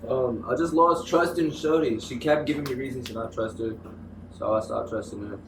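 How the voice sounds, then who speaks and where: A young man telling stories in casual interview chat, animated and full of slang. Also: medium pitch, normal speed, noisy background. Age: young adult. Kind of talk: casual storytelling. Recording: echoey room, mic from far off.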